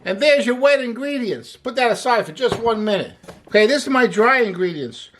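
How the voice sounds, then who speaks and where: A man's voice: very high-pitched, lively intonation, fairly quick, noisy background. A man hosting a casual cooking demonstration, chatty and upbeat as he explains each step while he works. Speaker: cooking show host. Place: home kitchen.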